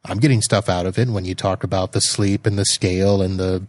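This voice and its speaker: Male host, relaxed, self-mocking; low voice, dry mic. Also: fairly quick, no echo. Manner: easygoing, laughs at himself. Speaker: podcast host. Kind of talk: conversational interview.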